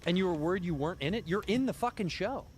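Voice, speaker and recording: A man co-hosting a casual talk show, teasing his friend and telling stories with quick, mocking banter. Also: sits high, animated, a little hiss or hum. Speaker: podcast co-host.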